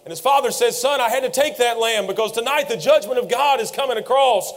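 A man preaching a sermon, retelling scenes with rising passion and frequent shouts. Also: extremely high pitch, fairly quick. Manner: impassioned storytelling preacher, often shouting.

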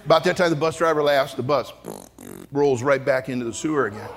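A man preaching a storytelling sermon to a large audience, animated and comic, rising to shouts at the high points. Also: brisk. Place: large church auditorium before an audience.

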